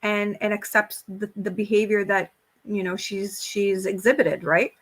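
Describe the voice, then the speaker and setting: A woman on a live stream, calmly backing up her co-host in casual chat. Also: mid-range voice, measured pace. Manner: calm, reassuring, supportive.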